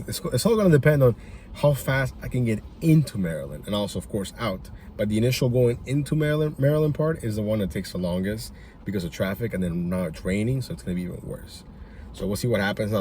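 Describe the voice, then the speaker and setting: A man's voice: lowish voice, warm tone. Chatty man vlogging from his car. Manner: chatty, laughs while telling stories. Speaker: delivery driver vlogger. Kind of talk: casual car vlog. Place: inside a car. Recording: noisy car interior. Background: road and car noise.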